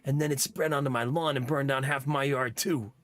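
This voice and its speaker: A man's voice: mid-range voice, steady tone, brisk, natural voice. A man voicing a laid-back, easygoing suburban dad who calls people bro.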